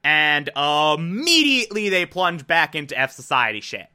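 A young man hosting a casual show, recapping an episode in an animated, emotional way with free swearing and loud rants. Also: a little high, moderate pace, clean tone. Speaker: podcast host recapping a TV episode.

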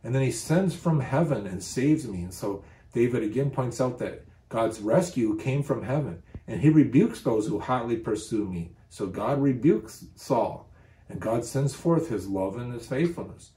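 A man's voice: mid-range voice, expressive, moderate pace, mellow, reverberant. A man preaching a sermon, speaking earnestly and rising with emphasis when he reads scripture.

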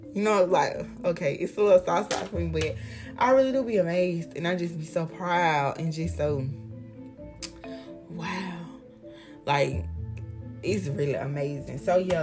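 In a low-pitched voice, a young woman delivers a casual motivational monologue of life advice. She's heartfelt and emphatic, repeats lines for effect, and talks in slangy, profane language.

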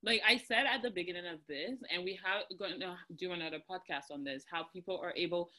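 A woman's voice: on the low side, fast, bright, forceful tone. A woman hosting a podcast who prods her guest along with a giggle and keeps steering the conversation. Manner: prodding, giggly, steers the talk. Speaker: podcast host. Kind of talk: casual podcast chat.

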